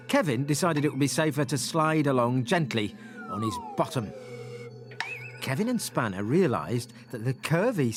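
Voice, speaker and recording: Bouncy storybook narrator for little kids, swoopy voice, music playing. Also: mid-range voice. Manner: expressive, bouncy. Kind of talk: scripted narration for children.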